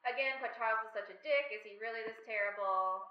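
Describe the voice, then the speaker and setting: A woman's voice: on the high side, quick pace, slight background noise. A woman co-hosting a casual podcast, chatting and giggling, acting out quotes in silly voices. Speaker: podcast co-host. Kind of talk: casual campy chat. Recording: echoey, dull lo-fi room sound.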